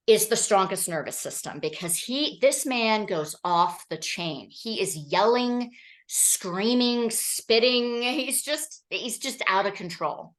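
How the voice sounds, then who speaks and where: Woman trainer addressing an audience. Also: medium pitch. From Colorado. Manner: animated storytelling with frequent "okay?" and "right?".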